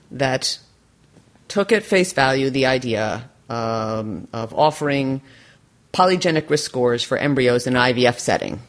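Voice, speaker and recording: A woman hosting a podcast interview, speaking with enthusiasm and playful humor and laughing often. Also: rumbling low. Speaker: podcast host.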